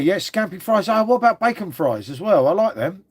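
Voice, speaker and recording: High and sing-song, a little fast and recorded dry, this middle-aged English host chats matily with his livestream viewers. He reads their comments aloud and says "mate" constantly.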